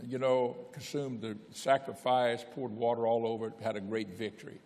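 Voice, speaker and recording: A man's voice: mid-range voice, flat delivery, normal speed, few pauses, a little mellow. A man, a bishop, teaching a Sunday school lesson as a folksy Bible storyteller who rises into emphatic pleading at times. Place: church hall. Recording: long church reverb.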